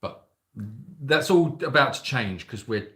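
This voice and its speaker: A man's voice: mid-range voice, expressive, measured pace, a bit bright. Jokey man in an echoey room. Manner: jokey storyteller, slips into silly put-on voices. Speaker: sanctuary co-host on a livestream. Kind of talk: casual livestream chat.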